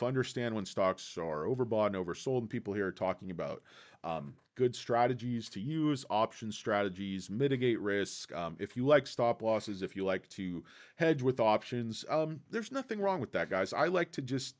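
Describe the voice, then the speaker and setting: Man, casual livestream host, laid-back, rambling, animated pitch. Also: normal speed. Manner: quotes film lines in put-on voices. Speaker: livestream host reading chat. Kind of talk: casual chat.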